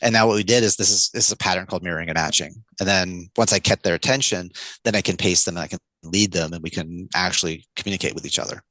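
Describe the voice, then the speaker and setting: A man guest on a podcast, explaining communication with lively, energetic delivery and frequent shifts of pace. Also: deep voice, fast talker, no echo, rough recording. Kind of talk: casual podcast interview.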